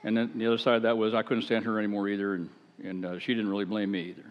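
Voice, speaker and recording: A man's voice: on the low side, little pitch movement, very fast. A man preaching a conversational sermon, chatty and rhetorical, with wry asides and self-deprecating stories. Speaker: pastor. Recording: echoey hall, dull lo-fi sound.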